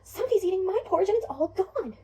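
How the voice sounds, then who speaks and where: A woman voicing Baby Bear, a small cub, in a squeaky, upset storybook voice. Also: expressive, quick pace, dark tone, recorded from a distance.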